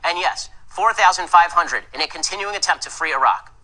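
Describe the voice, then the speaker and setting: A man's voice: high voice, pushed and bright, rough recording. A man in a played clip, a political commentator with confident, combative debate talk. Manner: confident, combative, fast-talking. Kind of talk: rapid-fire debate talk.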